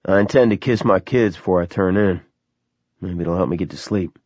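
A man voicing a blunt, middle-aged teacher with a low voice and a matter-of-fact way of talking. The recording is dry and somewhat dull. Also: normal speed, a little mellow, husky, dry recording.

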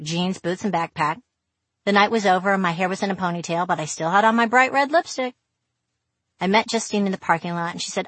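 A woman reads her own memoir aloud, frank and wry, salting the story with swearing. Her voice sits at a middle pitch, recorded close and bone-dry with no room sound. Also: a bit bright, slightly rough, no room sound. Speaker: memoir narrator. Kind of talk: memoir audiobook narration.

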